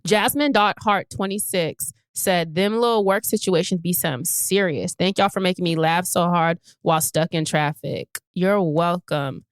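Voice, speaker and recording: A woman's voice: fairly low pitch, normal speed, few pauses, clear, resonant tone, dry recording. A woman co-hosting a podcast, reading listener comments aloud in casual chat and laughing often. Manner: animated, laughs often, playful. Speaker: podcast co-host.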